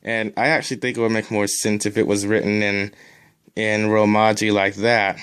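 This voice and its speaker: A man's voice: lowish voice, little pitch movement, moderate pace, fairly bright tone, clean tone. A man teaching a recorded language lesson, drilling sounds one at a time and adding casual asides.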